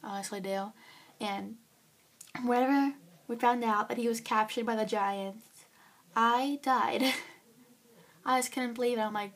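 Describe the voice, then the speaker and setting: Teen girl, excitable vlog book reviewer, filler-heavy, chatty. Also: on the high side, a little slow, long pauses.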